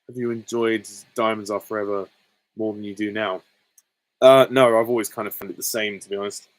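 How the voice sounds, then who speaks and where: A man's voice: lowish voice, fairly even intonation, brisk, low-quality recording. A man hosting a live stream, reading out viewer questions and answering them in a candid, chatty way.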